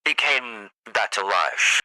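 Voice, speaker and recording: A man's voice: lowish voice, lively intonation, takes it slowly, sharp tone, no echo, voice pushed down, heavily acted, poor audio. A man voicing a male doctor under questioning, through a radio demon voice filter, with terse, defensive answers. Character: male doctor questioned after a deadly incident.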